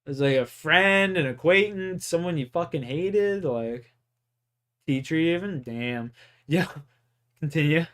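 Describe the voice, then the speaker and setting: Young male streamer from Canada, rambling and profane storyteller, slightly high voice. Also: lively intonation, unhurried, fairly bright tone. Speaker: gaming streamer. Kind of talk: casual storytelling.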